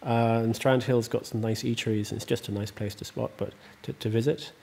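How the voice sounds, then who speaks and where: A man's voice: mid-range voice, steady tone, fairly quick, gravelly, warm tone, husky. A man, the host, talking casually in an interview, rambling and chatty with many ums and restarts. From Ireland. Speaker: host and estate owner.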